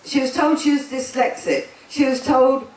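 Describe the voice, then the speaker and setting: A woman with a high but darkish voice talks at a moderate pace during an indoor wedding gathering. She is the twin of one of the brides, and her speech is chatty, laughing, and self-interrupting. The echoey room and far-off mic shape the recording.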